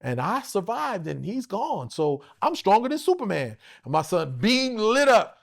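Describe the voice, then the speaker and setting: A man's voice: high-pitched, big pitch swings, measured pace, vocal fry. A middle-aged man from Los Angeles, a guest telling stories in a casual, profane interview and acting out the voices of people he quotes. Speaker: actor guest.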